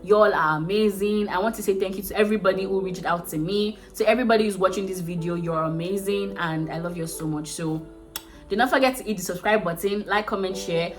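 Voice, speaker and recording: A woman's voice: mid-range voice, fairly quick, soft background music. A woman with a Nigerian accent vlogging to camera, consoling viewers in a frank, caring way and calling them sweetheart. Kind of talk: casual talk to camera.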